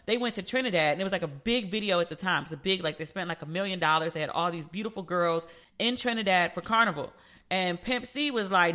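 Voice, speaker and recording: A woman with a lowish voice talks quickly while hosting a casual chat show full of gossip commentary. Playful and sassy, she tells her stories with flair, acting out each person she quotes.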